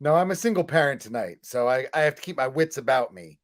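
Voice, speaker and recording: Dry low-key male co-host. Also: lively intonation, quick pace. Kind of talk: casual podcast chat.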